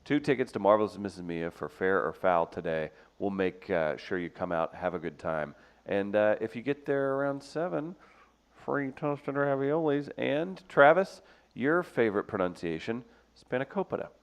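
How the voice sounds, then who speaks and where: A man's voice: lowish voice, lively intonation, moderate pace. Young guy cohosting a podcast, laid back, jokey, plugs giveaways. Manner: jokey, easygoing, reads out promos. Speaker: radio podcast co-host. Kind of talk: casual chat.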